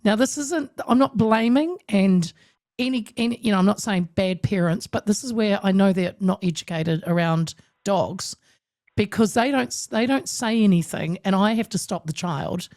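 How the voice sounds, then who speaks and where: A woman's voice: medium pitch, moderate pace, dry recording, studio quality. A woman hosting a talk show interview, talking emphatically with lots of restarts. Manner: emphatic, animated, with many restarts. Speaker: radio talk show host. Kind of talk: casual interview chat.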